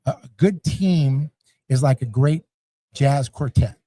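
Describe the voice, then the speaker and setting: Husky and medium-pitched, this podcast guest takes it slowly, with no room sound on the recording. The middle-aged youth sports league founder tells lively stories in the interview, imitating coaches and shouting parents and scatting out rhythms.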